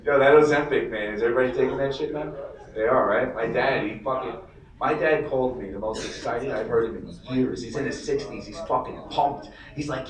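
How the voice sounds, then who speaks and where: Profane stand-up host, roomy live showroom. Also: male voice, medium pitch, brisk. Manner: brash, profane, teasing the crowd. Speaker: comedy host. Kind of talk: stand-up crowd work. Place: casino showroom. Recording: roomy live recording from far off with crowd.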